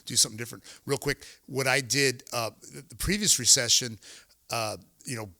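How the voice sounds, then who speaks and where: A middle-aged man, a podcast guest who owns a deli, telling stories in lively fashion and acting out his own past conversations. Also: mid-range voice, fairly quick, vocal fry, no echo, clean studio sound. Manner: animated storyteller, acts out his own dialogue. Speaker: podcast guest, business owner. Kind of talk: casual interview storytelling.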